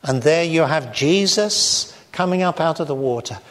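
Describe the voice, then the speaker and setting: A man preaching a sermon, measured and emphatic, slowing down to stress key phrases. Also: a little high, lively intonation, a bit bright.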